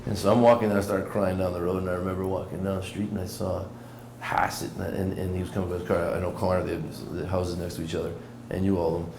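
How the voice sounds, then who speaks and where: A middle-aged Canadian man telling stories in a casual interview at a café table, animated and repeating words as he goes. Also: sits low, fast. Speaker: guest, business owner. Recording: echoey room with steady background noise.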